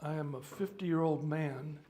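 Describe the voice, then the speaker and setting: Older male clergyman, informal teaching talk, wry asides, voice a touch high. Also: measured pace, mellow. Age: 70s. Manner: chatty, joking, stops to sort out sound. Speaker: priest leading a workshop.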